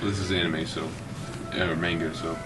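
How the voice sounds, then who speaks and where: A very low-voiced man chats casually about a comic, reading scenes aloud and jumping up into loud voices for the characters. Music plays clearly behind him. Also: little pitch movement, moderate pace. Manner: acts out characters' lines in a raised voice. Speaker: co-host reading manga aloud. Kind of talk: casual chat.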